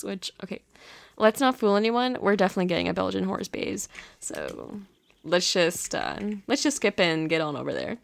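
A woman hosting her gaming channel in casual commentary, gushing and excitable as she talks to the horses in her game. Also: mid-range voice, gravelly.

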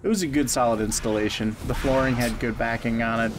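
A man's voice: medium pitch, fairly even intonation, fast talker. A man co-hosting a let's play, recorded in a basement, trading goofy, teasing banter. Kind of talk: casual gameplay commentary. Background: game music.

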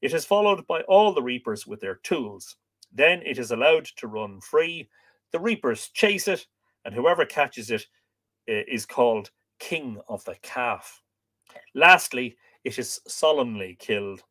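Man, live stream host, reads a book aloud, animated rise and fall, chatty asides to viewers. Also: medium pitch, unhurried. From Ireland. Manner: reads old text, breaks off to greet viewers and joke.

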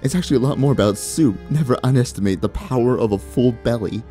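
A man voicing a cryptic, sly old female witch in game dialogue, speaking in a hushed, measured, teasing way. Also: mid-range voice, faint music behind, lightly acted. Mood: matter-of-fact.

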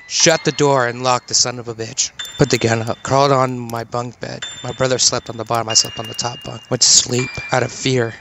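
A young man from Kansas tells a spooky campfire story in a loose, casual way. He swears freely and laughs now and then, in a voice of middling pitch. A steady hiss of background noise sits under the recording. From Kansas, United States. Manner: swears often, laughs while telling, quotes others in his own voice.

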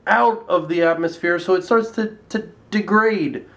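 Male vlogger with a high voice, playful, jokey, explains science with self-mocking asides. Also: unhurried, gravelly, fairly bright tone. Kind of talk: casual comic explainer vlog.

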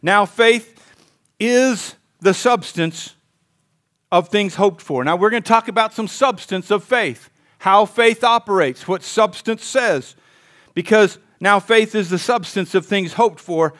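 Male pastor, high voice, impassioned sermon with call-and-response. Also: unhurried. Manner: swings from hushed intensity to fired-up exclaiming; calls on the congregation to repeat lines.

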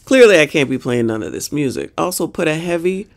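A woman's voice: sits low, expressive, a little fast. A woman hosting a reaction show, ranting in a sassy, exasperated way with mild profanity. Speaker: reaction channel host. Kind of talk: reaction commentary.

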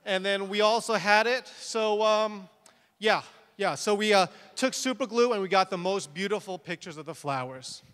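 A man's voice: high-pitched, moderate pace, fairly bright tone, clean tone. A man telling comic stories about his work at a photography conference, acting out scenes and laughing at himself. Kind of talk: comic storytelling talk. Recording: reverberant conference hall.

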